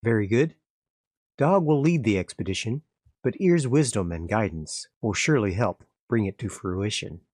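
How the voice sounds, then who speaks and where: Ceremonious woman leader of a faith order, read by a man, formal, lowish voice, dry sound. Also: animated, moderate pace, a little mellow, no echo.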